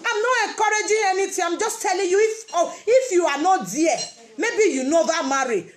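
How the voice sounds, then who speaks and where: Speaking at a normal speed in a very high-pitched voice, this woman vlogger has a Nigerian Pidgin English accent. Her motivational talk is casual, and she says phrases more than once for emphasis.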